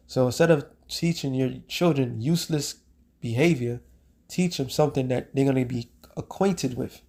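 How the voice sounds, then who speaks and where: A man preaching a street sermon, reading scripture slowly and breaking into slang while checking in with "all right?". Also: mid-range voice, creaky, dark tone. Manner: reads scripture in a slowed, drawn-out cadence.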